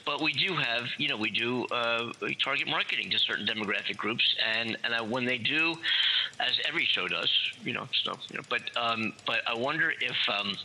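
A man's voice: mid-range voice, fairly quick, sharp tone, slight background noise, rough recording. An American man co-hosting a radio talk show, rambling playfully and joking as he chats from his studio. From USA. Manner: playful, rambling, sings snatches and jokes. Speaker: radio co-host. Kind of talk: casual talk radio chat. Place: home studio, alone.

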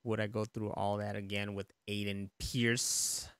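A man co-hosting a podcast, chatting in a relaxed, rambling way with frequent laughs and casual swearing. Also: lowish voice, unhurried, clear, resonant tone, dry recording, clean studio sound. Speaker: podcast co-host. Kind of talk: casual chat.

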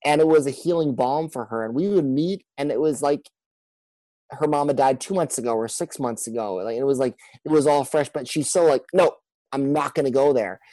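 A man's voice: medium pitch, brisk, mellow, dry recording, low-quality recording. A man talking as a pastor in an earnest conversation, often repeating words and acting out what people said. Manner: earnest, repeats words, acts out quoted speech. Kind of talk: conversational podcast talk.

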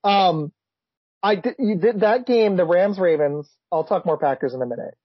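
Male podcast host, husky and a bit high, excitable; dry, dull lo-fi audio. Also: normal speed, no room sound. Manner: excitable, blurts reactions, laughs often. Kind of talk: casual sports chat.

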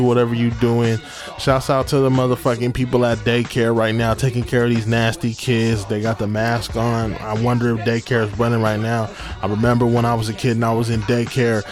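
A man hosting his own podcast, rambling casually with profane, slangy shout-outs and lots of repetition. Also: mid-range voice. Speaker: podcast host.

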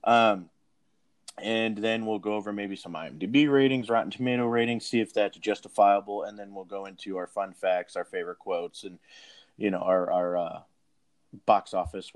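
A man's voice: fairly low pitch, fairly even intonation, normal speed. A man hosting a casual movie review podcast, talking in a rambling way with many fillers and restarts. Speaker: podcast host.

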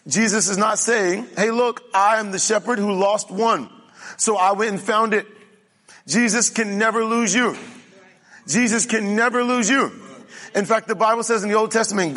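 A man's voice: high voice, a bit bright. A male pastor preaching a conversational sermon, often checking in with the congregation. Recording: reverberant hall.

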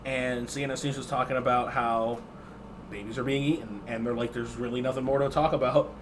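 A man co-hosting a podcast, trading deadpan, profane jokes in casual banter. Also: medium pitch, fairly quick. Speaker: podcast co-host. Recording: background noise.

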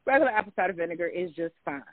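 Male podcast host, high-pitched, folksy and chatty, phone-line quality. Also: lively intonation, very fast, dry recording. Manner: chatty, gives hair tips, often addresses listeners as "y'all". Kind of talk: casual podcast chat.

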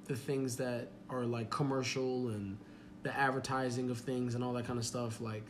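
A man's voice: medium pitch, level tone, moderate pace, a little hiss or hum. A young man hosting a podcast in casual chat, rambling with many fillers and laughing easily. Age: young adult. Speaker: podcast host.

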